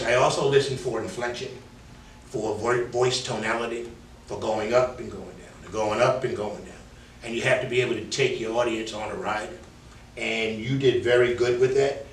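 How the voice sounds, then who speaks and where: A man with a New York accent gives a class frank, conversational feedback on their speeches, imitating their filler words as he goes. His voice sits at an ordinary middle pitch. The mic picks him up from a distance in a roomy, echoing classroom with a faint hiss behind. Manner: candid, conversational, mimics filler words while correcting. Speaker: public speaking instructor. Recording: echoey room, mic from a distance.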